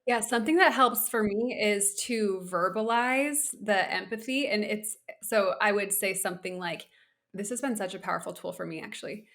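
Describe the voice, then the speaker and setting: Brief: woman, 30s, podcast co-host, candid casual chat, mid-pitched, full of "like"s. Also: normal speed, a bit bright. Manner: candid, conversational, many filler likes.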